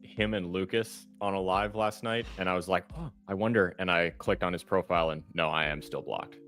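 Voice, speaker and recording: A man's voice: deep voice, steady tone, brisk, fairly bright tone, soft background music. A man co-hosting a casual chat, blunt and sardonic, swearing freely. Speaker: co-host.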